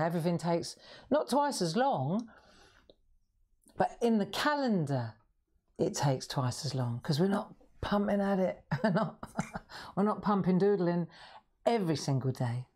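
A woman with a slightly croaky voice hosting a live craft stream, chatting and reassuring her viewers. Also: fairly low pitch, darkish tone. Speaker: craft livestream host. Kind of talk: casual live-stream chat.

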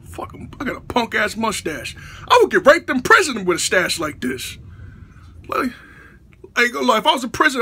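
Male comic vlogger with a very high, sharp-edged voice, ranting in exasperation, loud and profane. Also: big pitch swings, brisk, long pauses, slightly rough. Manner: profane, exasperated, bursts into shouts. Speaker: comedy vlogger. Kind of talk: comedic rant to camera.

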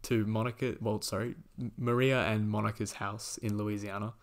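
A man with a low voice that stays flat and level talks through a film's plot on a casual podcast. He keeps stopping on fillers and pausing to act out quoted lines as he goes. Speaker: podcast host. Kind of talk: casual movie discussion.

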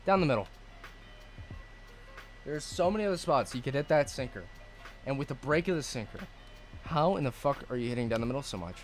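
A man streaming live gameplay and answering his chat, cursing often and swinging between low mutters and angry outbursts. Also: expressive, brisk, long pauses, soft background music. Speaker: gaming streamer.

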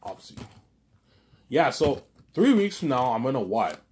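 A man's voice: medium pitch, sing-song, normal speed, a little mellow, slight background noise. A young man talking casually to the camera in a rambling, repetitive monologue full of swearing. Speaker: vlogger.

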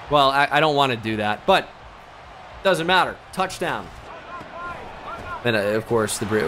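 A man giving casual, joking video game commentary, excitable and swearing freely. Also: on the high side, normal speed, long pauses, a little hiss or hum. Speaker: gaming YouTuber.

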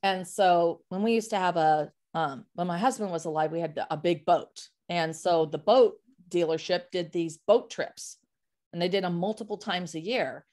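A woman sales coach speaking as a podcast guest, explaining in an animated, emphatic way with vivid examples. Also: lowish voice, moderate pace. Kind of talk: casual interview talk.

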